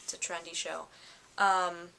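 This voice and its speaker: Chatty, bright-voiced tired young woman. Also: fairly low pitch, a little slow, creaky, a little hiss or hum. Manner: chatty and excitable, lots of fillers. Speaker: fashion vlogger. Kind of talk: casual vlog recap.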